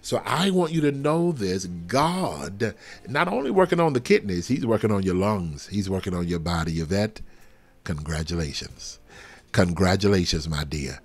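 A man leading a live prophetic prayer over a livestream, fervent and swinging from soft murmurs to loud exclamations. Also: fairly low pitch, big pitch swings, moderate pace. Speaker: pastor. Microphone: livestream webcam.

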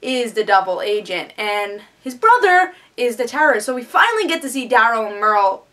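A woman's voice: fairly high pitch, very animated, fairly quick, fairly bright tone. A woman giving a casual, eager TV episode review, chatty and full of fillers. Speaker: TV show reviewer.

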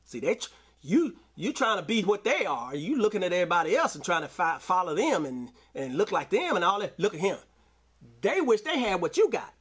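Male preacher, high voice, AAVE, sermon delivery with call-outs. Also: sing-song, a little fast, breathy edge. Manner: preaching with call-outs and scripture reading, rising to shouts. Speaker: pastor.

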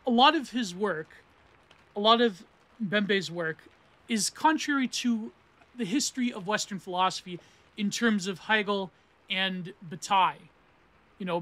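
A man of thirty with a high, bright voice hosts a casual book review podcast. He rambles and corrects himself as he goes. Dense academic terms run alongside internet meme slang. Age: 30s. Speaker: podcast host reviewing philosophy books.

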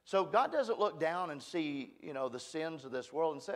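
A man's voice: on the high side, big pitch swings, unhurried, pauses often. Emphatic, folksy male preacher. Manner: folksy, emphatic, self-deprecating. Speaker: guest preacher. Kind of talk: sermon. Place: church.

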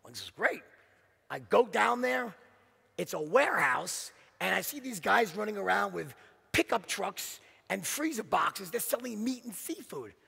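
A middle-aged man giving a motivational sales keynote, telling a story in an animated, punchy way and checking in with the audience with "right?". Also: high voice, a little slow, creaky. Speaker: keynote speaker. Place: large conference hall. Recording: long hall reverb from stage.

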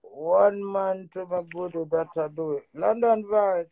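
A middle-aged woman in a blunt, profane, animated casual rant to the camera. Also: lowish voice, measured pace, narrow, tinny audio.

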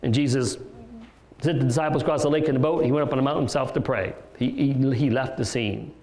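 A man's voice: medium pitch, fairly even intonation, fast, a little mellow, roomy sound. A male pastor preaching an expository sermon in a conversational way, with restarts and rhetorical questions. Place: church sanctuary.

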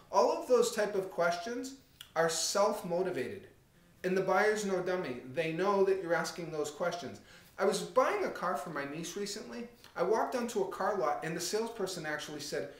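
A man giving a direct, conversational real estate coaching talk, acting out anecdotes with lively energy. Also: high voice, normal speed, echoey room.

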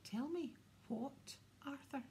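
A woman reading an audiobook, playing a stern mother who asks slow, pointed questions in a dangerous tone. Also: on the high side, fairly even intonation, warm tone, a little hiss or hum, natural voice. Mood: suspicious. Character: stern plump mother, suspicious and sharp.

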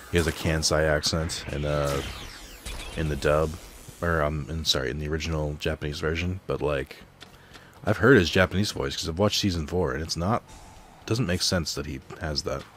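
A man's voice: a bass voice, a little hiss or hum. A man thinking aloud while he plays a card game at home, rambling and reading out card text in casual commentary. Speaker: let's play host. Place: home apartment.

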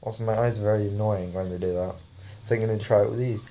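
A man's voice: on the low side, fairly even intonation, fast, mellow, slight background noise. A man casually talking over a face-swap app, rambling and often laughing. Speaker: vlogger.

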